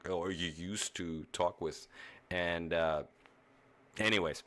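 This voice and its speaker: A man's voice: low voice, fairly even intonation, slow pace, a bit bright. A man from Germany chatting casually while streaming a video game, rambling with chuckles and frequent restarts. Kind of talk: casual gaming stream commentary.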